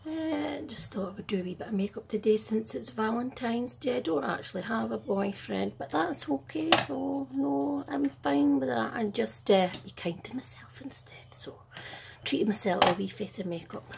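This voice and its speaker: A middle-aged Scottish makeup artist chats casually through a tutorial at home, speaking softly in a half-whisper and poking fun at herself. Her voice is a little high and creaky at a normal pace, with a noisy background.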